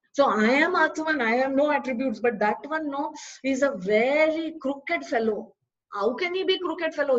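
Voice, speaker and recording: A woman giving a spiritual discourse, lively and full of rhetorical questions. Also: sits high, highs cut off. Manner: animated, asks rhetorical questions, acts out dialogues. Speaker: spiritual teacher.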